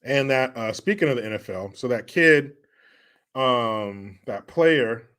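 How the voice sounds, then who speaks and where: A man hosts a casual livestream, reading viewers' comments aloud and answering them with profane banter. His bright voice swings widely in pitch as he teases rival fans. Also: animated, unhurried, clear, resonant tone. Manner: loud, profane banter with frequent laughter; teasing rival sports fans. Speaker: livestream host reading chat. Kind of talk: casual chat.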